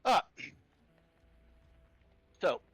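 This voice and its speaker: A man's voice: drawn-out words, no echo, low-quality recording. Hesitant man running a tabletop game. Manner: hesitant, many fillers and restarts. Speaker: game master.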